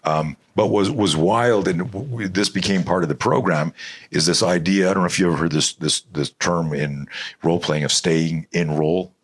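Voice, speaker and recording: Casual convo guest, middle-aged guy, really low voice, tells stories fast and messy. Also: slightly rough. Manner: animated, rambling storyteller with frequent restarts and profanity. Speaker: self-defense expert guest. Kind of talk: storytelling interview talk.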